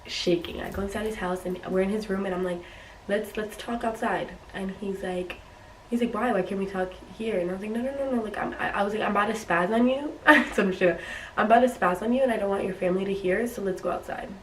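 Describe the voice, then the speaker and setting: A young woman telling a story on her vlog in a casual, animated way, acting out what people said. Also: medium pitch, fast talker, roomy sound, distant mic, slight background noise, low-quality recording. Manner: animated retelling, acts out quotes. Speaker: YouTuber.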